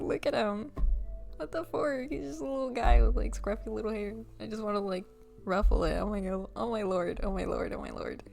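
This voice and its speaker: A young woman gamer reading a visual novel aloud, excitable and giggly, squealing and swearing as she reacts. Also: mid-range voice, vocal fry.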